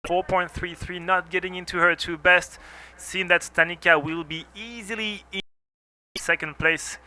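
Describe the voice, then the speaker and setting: A man with a French accent doing live surf commentary, chatty and lively. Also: high voice, moderate pace, slight background noise. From France.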